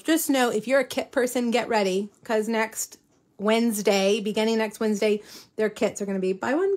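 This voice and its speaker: A woman hosting a weekly live crafting show, chatting casually and rambling with many ums and restarts. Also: fairly high pitch. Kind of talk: casual live-stream chat. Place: home in South Texas.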